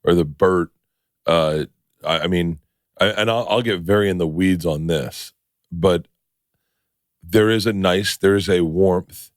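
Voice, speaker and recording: A man hosting a casual podcast chat, his low voice sitting close and dry on a studio mic. He rambles and gets excitable, swearing freely as the stories build. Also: measured pace, long pauses, no echo. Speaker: podcast host.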